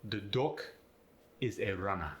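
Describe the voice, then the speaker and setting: A man putting on a West African accent, speaking example sentences slowly and deliberately and stressing every syllable. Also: fairly low pitch, roomy sound, lightly acted. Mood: demonstrating.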